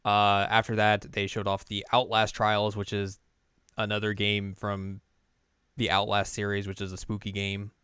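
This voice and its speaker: A man's voice: on the low side, monotone, moderate pace, fairly bright tone, clean tone, dry recording. A man co-hosting a podcast in casual chat, laid-back and chatty, with dry asides and chuckles. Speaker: podcast co-host.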